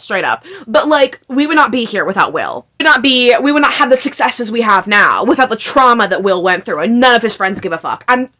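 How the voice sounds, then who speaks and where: Young woman venting into her camera, bright voice pitched a bit high, lots of likes and ums. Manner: frustrated, swearing, many fillers. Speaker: video creator. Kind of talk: ranting vlog review.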